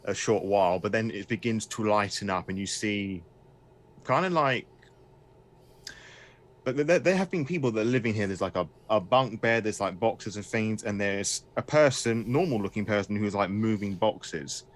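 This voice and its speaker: A man's voice: lowish voice, lively intonation, normal speed. A man narrating a tabletop game as game master, hesitant and full of fillers.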